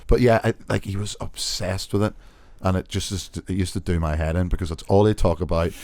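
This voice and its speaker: A male podcast host with a very low voice, chatting casually and rambling as he teases his co-host. He laughs often, and his voice sounds dry and close, with no room around it. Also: a little fast, darkish tone, no room sound. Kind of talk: casual chat.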